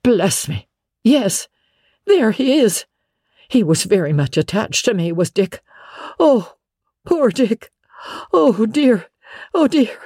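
A reader voicing an old miserly man who breaks into excited exclamations. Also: mid-range voice, slow, slightly rough, dry recording, clean studio sound, full character voice. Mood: moved.

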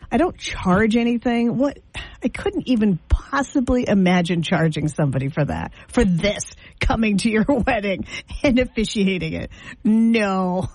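A woman's voice: medium pitch, a little mellow, no room sound. A woman hosting a morning radio show, chatting casually and teasing her guest with frequent laughs.

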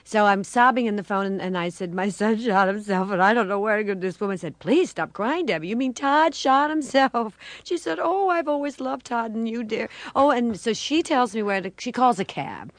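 An older woman, a guest, telling a long story with animated, acted-out voices and laughter. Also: mid-range voice, no echo.

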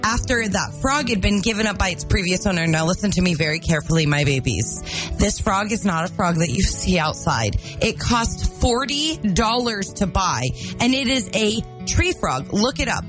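A woman co-hosting a morning radio show who tells a light news story in a playful, animated way. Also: mid-range voice, moderate pace, few pauses, over music. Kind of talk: casual morning show banter and story segment.

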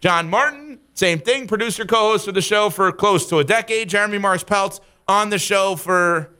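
Man, sports radio host, studio chat, teasing, laughs a lot, higher voice, bright tone. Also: clean tone. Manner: joking, teasing, quick to laugh.

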